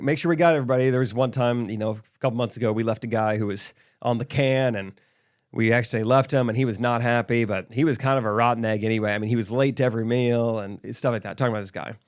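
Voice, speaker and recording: A young man co-hosting a podcast, telling stories in relaxed casual chat and laughing often. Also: mid-range voice. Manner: laid-back storyteller, laughs often. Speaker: podcast co-host.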